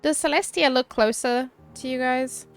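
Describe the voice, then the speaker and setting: A woman's voice: high-pitched, steady tone, clean tone. Woman game streamer, chatty, casual swearing, faint music behind. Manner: chatty, swears casually, answers chat with quick laughs. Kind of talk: casual live-stream chat.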